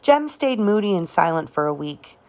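A woman reading a novel aloud as an audiobook, in a steady, unhurried storytelling manner. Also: on the low side. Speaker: audiobook reader.

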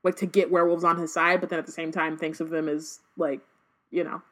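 A woman's voice: on the low side, flat delivery, fairly quick, a bit bright. A woman co-hosting a casual book podcast, summarizing and discussing chapters in a chatty way with many fillers. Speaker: podcast co-host.

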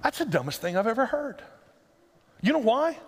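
A man's voice: very high voice, very animated, moderate pace, long reverb tail. A middle-aged male pastor delivering a sermon in a conversational, humorous storytelling manner.

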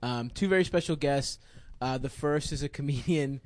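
A man's voice: medium pitch, normal speed, no room sound. A man with a mid-range voice co-hosting a comedy podcast. He laughs easily and slips into goofy introductions, recorded close and dry. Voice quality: laughs often, goofy mock-announcer intros. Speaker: podcast co-host. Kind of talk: casual comedic podcast chat.

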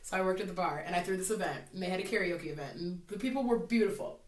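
A woman telling stories in a casual chat, animated and laughing often. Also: on the low side, very fast. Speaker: podcast co-host. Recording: echoey room.

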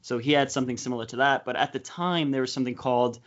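A young man hosting a casual movie podcast, talking fast with quick asides. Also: medium pitch. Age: young adult. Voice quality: chatty, quick asides, frequent laughs. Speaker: podcast host. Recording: slightly dull podcast audio.

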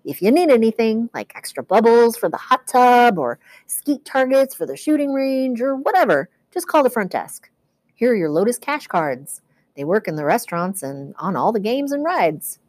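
A woman's voice: on the high side, very animated, moderate pace, darkish tone, no echo, voice pushed up. A woman reading a novel aloud, voicing a breezy, overly friendly male casino bellhop in an upbeat, eager way. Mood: cheery. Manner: upbeat, eager, brushes off questions.

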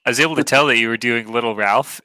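A man's voice: mid-range voice, fast, sharp tone, smooth, no room sound, rough recording. A young man co-hosting a podcast, reacting playfully and laughing often in casual chat. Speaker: podcast co-host.

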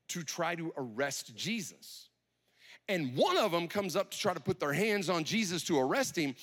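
Pastor, male, storytelling sermon delivery, animated, slightly high-pitched, with big swings in pitch. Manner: animated, acts out scenes with quoted voices.

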